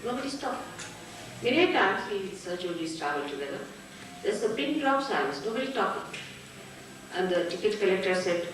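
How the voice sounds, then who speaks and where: An older woman, giving a spiritual talk to an audience and telling lively stories with frequent laughs. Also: mid-range voice, normal speed, pauses often, background noise. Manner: storytelling, lively, laughs often. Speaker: spiritual teacher. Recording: echoey hall, far from the mic.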